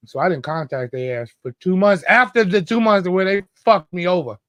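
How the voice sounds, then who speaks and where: A fired-up man in casual podcast chat, telling a story and cursing his way through it. His voice sits a little high. The sound is dry and close, with no room around it. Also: normal speed, no echo. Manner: animated, indignant, heavy profanity. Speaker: podcast co-host.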